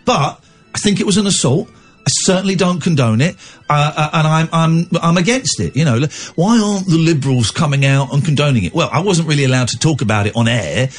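A man's voice: on the high side, expressive, fairly quick, faint music behind. A man hosting a radio phone-in, thinking aloud with many restarts. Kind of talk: casual radio talk.

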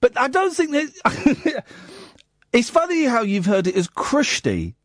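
A man's voice: extremely high pitch, big pitch swings, slow pace, no room sound, studio quality. A man hosting a late-night radio phone-in, wry and teasing. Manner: wry, teasing, self-mocking. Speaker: radio host. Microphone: studio mic.

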